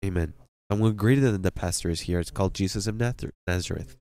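A male pastor delivers a sermon in a lower voice, pressing his points and putting questions to his listeners. The sound is dry, with little room in it. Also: fast, darkish tone, no echo. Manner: emphatic preaching, asks the congregation questions.

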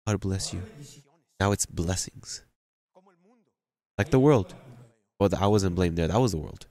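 Lowish-voiced man preaching a sermon. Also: a little slow. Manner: animated, plain-spoken, repeats and restarts phrases.

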